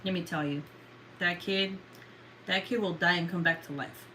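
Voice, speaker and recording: A woman's voice: on the low side, steady tone, moderate pace, sharp tone, slight background noise, low-quality recording. A woman in her thirties chatting casually with viewers, swearing, rambling and laughing often. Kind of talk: casual chat.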